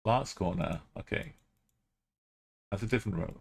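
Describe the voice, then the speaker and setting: A man's voice: fairly low pitch, expressive, moderate pace, gravelly, a little mellow, slightly rough. A man streaming a game live, thinking aloud as he plays and chatting with his viewers.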